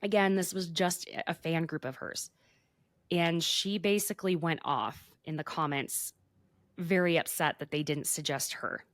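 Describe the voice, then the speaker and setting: A woman chats through celebrity gossip in a loose, animated way and laughs often. Her voice sits a little low for a woman. The mic is close, with no room sound. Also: measured pace, no room sound. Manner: chatty, animated, laughs often, says y'all. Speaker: podcast co-host. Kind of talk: casual gossip chat.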